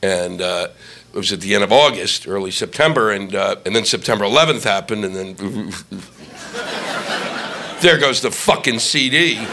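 Ranting, profane stand-up comic with a gravelly voice. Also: male voice, on the low side, animated, moderate pace. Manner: ranting, profane, shouting punchlines. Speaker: stand-up comedian. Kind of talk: stand-up routine. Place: comedy stage before a live audience. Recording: live club audio with ambient noise.

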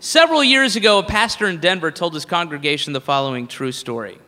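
A male stand-up comedian ranting in an incredulous, mocking, profane way, shouting at the peaks, live at a comedy venue. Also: on the high side, lively intonation, quick pace. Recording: live in a reverberant hall with audience.

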